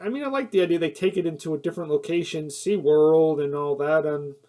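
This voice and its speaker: Man, casual film review, rambling, full of fillers and restarts, mellow tone, slightly high voice. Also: a little fast. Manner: rambling, with many fillers and self-corrections; laughs at his own points, gets heated when annoyed.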